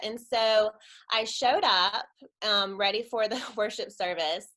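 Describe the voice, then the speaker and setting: A woman's voice: mid-range voice, expressive, measured pace, a bit bright. A woman, giving a chatty personal testimony at a church webinar and laughing often as she tells it.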